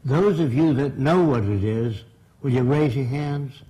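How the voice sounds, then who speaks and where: Male lecturer, blunt and emphatic, warm low-toned voice. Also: measured pace, low-quality recording. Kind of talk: public lecture.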